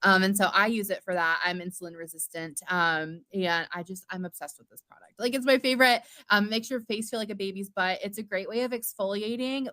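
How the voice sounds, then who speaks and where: A bubbly woman chats casually about skincare. Her voice is bright and forward, recorded dry and close with no room sound. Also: mid-range voice, brisk, hardly any pauses, dry recording. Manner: bubbly, chatty, self-deprecating. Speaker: skincare business leader, co-host. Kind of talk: casual livestream chat.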